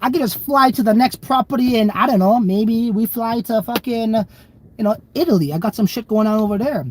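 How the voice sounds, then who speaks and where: A man's voice: very high-pitched, fairly quick, a little hiss or hum. Livestream host, male: loose and profane, laughs a lot while riffing on the chat. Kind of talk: casual livestream chat reading viewer comments.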